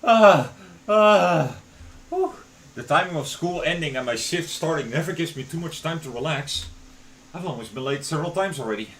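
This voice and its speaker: A man's voice: on the high side, fast talker, poor audio. A young man streaming live, narrating a visual novel aloud and breaking off for playful asides. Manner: expressive, swings between narration and playful asides.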